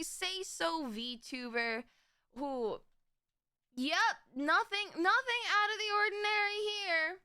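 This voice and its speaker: A woman's voice: extremely high pitch, pushed and bright, no echo, studio quality. A young woman streamer chatting with her live audience, rambling and giggling, often stopping to correct herself. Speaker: VTuber streamer. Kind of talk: casual live-stream chat.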